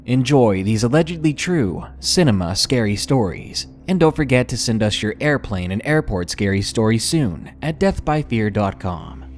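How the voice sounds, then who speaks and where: A man narrating true scary stories in scripted, expressive storytelling. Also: medium pitch, normal speed, few pauses.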